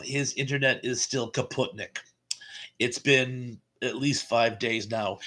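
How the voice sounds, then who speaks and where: A man's voice: mid-range voice, fairly bright tone. Chatty American man hosting a live chat. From United States. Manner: chatty, rambling anecdotes with fillers and chuckles. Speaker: live stream host. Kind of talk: casual live chat reading comments.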